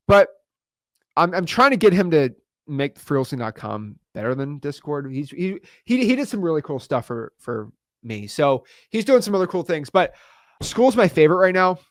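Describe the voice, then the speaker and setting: A young man coaching real estate wholesaling in an energetic online course style, hyped and slangy with rapid repeated words. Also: a little high, no echo, studio quality.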